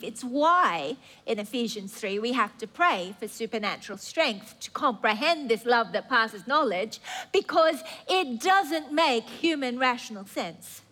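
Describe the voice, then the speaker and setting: A woman's voice: high-pitched, pushed and bright. A woman preacher delivering an earnest sermon with emphatic repetition.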